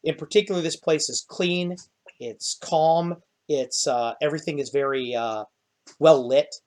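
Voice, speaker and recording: A man narrating a tabletop game as game master, in a rambling way with many pauses and fillers. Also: a little high, darkish tone.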